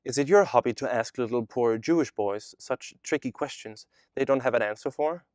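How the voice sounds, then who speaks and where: A man reading aloud the lines of a chatbot that poses as a Jewish boy from Odessa, in a flat, evenly read delivery. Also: mid-range voice, normal speed, no echo, studio quality, natural voice. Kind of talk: reading a chat transcript aloud.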